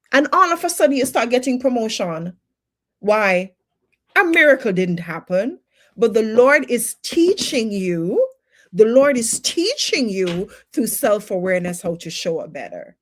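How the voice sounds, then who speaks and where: A woman's voice: mid-range voice, big pitch swings, unhurried. A woman teaching personal development on a livestream, emphatic and full of rhetorical questions, with faith-based encouragement.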